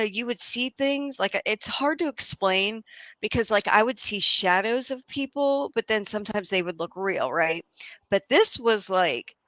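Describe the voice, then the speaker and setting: A woman's voice: mid-range voice, no echo. A woman guest on a video call, animatedly telling a story with lots of fillers. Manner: animated, chatty with many fillers. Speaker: guest medium.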